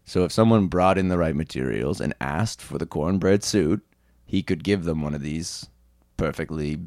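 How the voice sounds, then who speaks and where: A man trading dry, quick improvised jokes as a guest on a comedy podcast. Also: very deep voice, a little mellow, dry recording. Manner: dry, quick interjections, frequent laughs.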